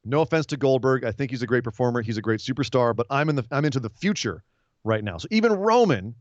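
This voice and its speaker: Sarcastic, lively-voiced podcast man. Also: medium pitch, fast talker, dry recording, dull audio. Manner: sarcastic, profane, mocking impressions. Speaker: podcast co-host. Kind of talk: casual wrestling podcast chat. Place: home studio in Los Angeles.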